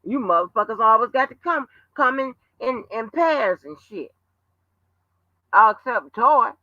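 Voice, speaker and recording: A man hosting a live stream, loud, taunting and profane as he rants at someone. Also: very high voice, lively intonation, measured pace, no echo. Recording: dull lo-fi dry stream audio.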